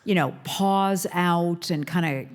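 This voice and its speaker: A woman radio host interviewing an author in a measured, curious way. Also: fairly low pitch.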